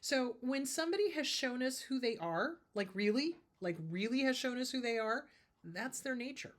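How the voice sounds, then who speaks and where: A woman's voice: sits high, lively intonation, moderate pace. Emphatic woman therapist giving advice. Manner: emphatic and repetitive, drives points home. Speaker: therapist and show host. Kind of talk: casual advice talk.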